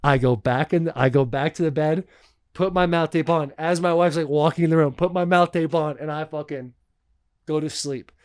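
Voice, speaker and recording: A man co-hosting a podcast, telling a story in an animated, profane way with frequent laughs. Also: a little high, moderate pace, clear, resonant tone, no echo, clean studio sound. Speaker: podcast co-host. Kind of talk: casual storytelling chat.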